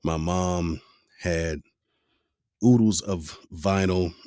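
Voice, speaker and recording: A man's voice: sits low, very slow, warm tone, clean tone, no room sound, studio quality. A man hosting a podcast interview, talking in a laid-back, reflective way. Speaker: podcast host. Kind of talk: casual interview chat.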